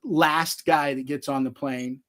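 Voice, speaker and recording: A man's voice: mid-range voice, fairly even intonation, a little slow, fairly bright tone. A man, likely in his forties, telling rambling self-deprecating stories as a guest on a video call. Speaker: author guest. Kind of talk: casual storytelling on a live chat.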